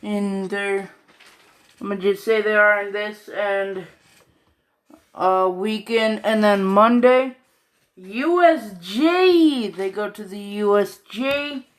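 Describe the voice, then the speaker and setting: Slow-talking tired woman rambling. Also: mid-range voice. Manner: slow, rambling, slangy, swears often. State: tired late at night. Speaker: fan storyteller. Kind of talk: casual rambling fan retelling.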